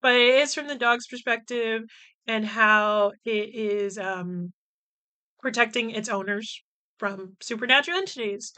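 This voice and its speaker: A woman hosting a casual podcast, chatting in an animated way with frequent laughs and fillers. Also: on the high side, measured pace, clear, resonant tone. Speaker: podcast host. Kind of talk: casual podcast chat recapping a film.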